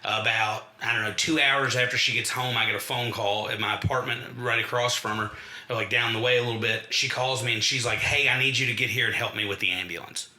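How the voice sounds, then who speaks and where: Animated storytelling man, echoey room. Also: medium pitch, fast. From Kentucky. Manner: animated storyteller, acts out quoted dialogue. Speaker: podcast co-host. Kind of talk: casual storytelling chat.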